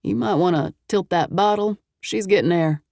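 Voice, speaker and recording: A woman narrator performs a rugged Texan businessman in an audiobook, speaking with a lazy, amused Texas drawl. His voice sits low and easy, and the read is dry and close to the mic. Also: moderate pace, vocal fry, darkish tone, no echo. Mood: wry. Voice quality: easygoing, wry drawl. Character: confident Texan millionaire man, easy drawl.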